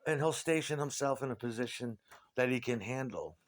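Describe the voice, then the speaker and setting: A man's voice: mid-range voice, brisk, no echo. A man in a rambling, casual monologue, swearing freely and restarting his sentences as he tells stories about his old bandmates. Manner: meandering, profane, frequent restarts.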